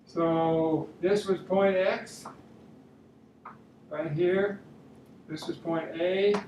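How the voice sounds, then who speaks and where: A man's voice: on the high side, a little mellow. A man teaching a drawing lesson, thinking aloud step by step as he draws. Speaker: art teacher. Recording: roomy echo, mic at a distance, faint room noise.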